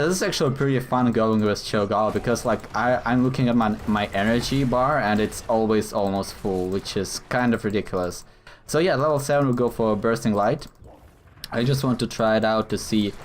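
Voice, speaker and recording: A man's voice: fairly low pitch, slight background noise. A man giving live commentary over his own gameplay, thinking aloud and explaining his choices in a hesitant, explanatory way.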